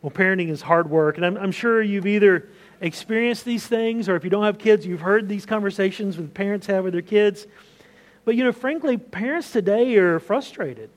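Pastor, thirties, male, fairly high voice, easy conversational sermon delivery with rhetorical questions. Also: moderate pace.

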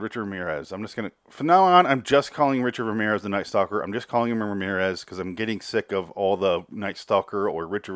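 A man's voice: on the low side, no echo, studio quality. A man casually recapping a TV episode, rambling with crude jokes and acted-out quotes. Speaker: TV recap commentator.

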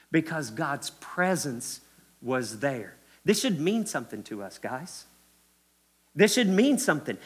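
A man preaching with a lively, swooping delivery. His voice sits high and sounds bright and forceful. He acts out the lines he quotes and speaks straight to his listeners. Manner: animated preaching, acts out quotes, addresses crowd as guys and y'all. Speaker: pastor. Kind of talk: sermon.

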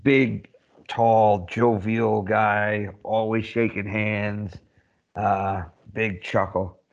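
Low-voiced man telling wry stories, muffled. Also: flat delivery, very slow. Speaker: podcast co-host and army veteran. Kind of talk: casual chat, anecdotal storytelling. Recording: dull, muffled lo-fi sound.

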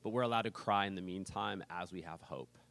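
A male pastor preaching in an earnest, conversational way, his low voice sounding dry and close. He punches key words loudly, then drops to a soft hush. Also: fairly quick, vocal fry, no room sound. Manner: earnest, conversational, swings from loud emphasis to soft. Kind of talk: sermon.

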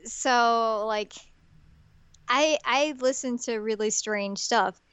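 Young woman, podcast co-host, casual self-deprecating chat, smooth clear voice, dry close sound. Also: on the high side, slow pace, fairly bright tone, dry recording. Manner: chatty, self-deprecating, many fillers and restarts.

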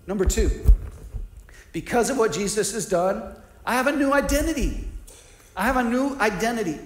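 A man's voice: a little high, roomy sound. A man preaching a sermon as a pastor, emphatic and repeating key lines for stress.

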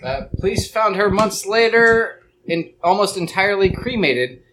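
A man with a higher-than-usual voice that swings all over the place, talking into a podcast mic with a faint hiss underneath. He runs the show in loose, profane, joking banter with friends. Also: expressive, moderate pace, pushed and bright. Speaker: podcast host. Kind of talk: casual group chat.

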